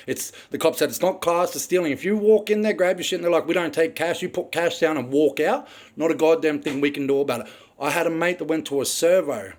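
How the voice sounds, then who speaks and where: Profane, ranting Australian man. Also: a little high. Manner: angry, profane, rambling with frequent ums. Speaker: vlogger telling his own story. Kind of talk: ranting personal storytelling.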